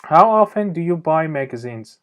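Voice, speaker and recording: A man with a Persian accent teaching English, reading example sentences slowly and explaining them quickly in Persian, pausing often with fillers and restarts. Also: on the high side, lively intonation, a bit bright. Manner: hesitant, frequent uh fillers and restarts. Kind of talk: recorded language lesson.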